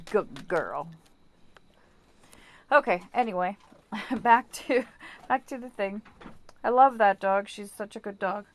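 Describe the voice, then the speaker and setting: A woman's voice: medium pitch, unhurried. A woman chatting through a home craft tutorial, rambling and correcting herself as she works. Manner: playful baby talk to her dog. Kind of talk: casual how-to demonstration.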